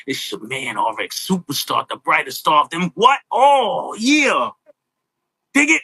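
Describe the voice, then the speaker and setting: Man doing a flamboyant growling wrestler, crisp dry sound. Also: on the high side, big pitch swings, a little slow, pushed and bright, no room sound, heavily acted.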